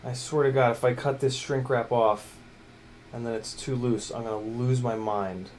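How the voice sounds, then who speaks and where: A man at an indoor workbench chats loosely with his stream while building a drone. He jokes and mutters, coaxing stubborn parts into place under his breath. A faint hiss sits behind his mid-pitched voice. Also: fairly even intonation, normal speed, a little mellow. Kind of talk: casual livestream chat while building.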